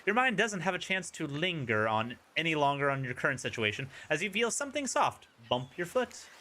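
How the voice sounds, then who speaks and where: A man's voice: fairly high pitch, big pitch swings, brisk, sharp tone. A man streaming a dating sim, reading its narration aloud with playful, wry asides.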